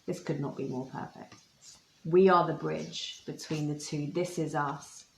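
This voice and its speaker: Brief: woman, livestream card reader, gushing and spiritual, lowish voice, echoey room. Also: steady tone, a little slow, vocal fry, darkish tone. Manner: gushing, spiritual, talks to viewers by name. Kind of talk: live card unboxing and reading.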